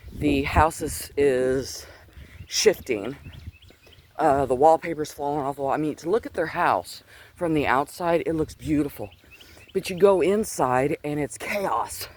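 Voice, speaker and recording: A man's voice: fairly high pitch, a little hiss or hum. A middle-aged man, a little out of breath, walking outside and rambling earnestly through a personal faith story, with many restarts. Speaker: faith vlogger. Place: outdoors, walking on a chilly day. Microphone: Bluetooth earpiece.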